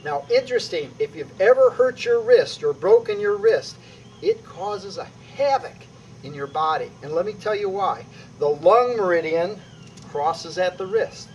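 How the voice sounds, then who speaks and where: A middle-aged man with a fairly high voice leads qi gong exercises step by step. He talks with energy, punching out each strike with a loud "boom". Faint noise hums behind him. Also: a little slow, highs cut off. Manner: energetic, emphatic, punctuating moves with "boom". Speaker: qi gong instructor. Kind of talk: demonstrating exercises on video.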